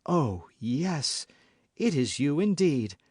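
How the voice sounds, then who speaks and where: A man's voice: fairly high pitch, very animated, slow, a little mellow, husky, no echo, studio quality, voice pushed up, full character voice. A man doing a cunning, falsely sweet noblewoman. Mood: scheming.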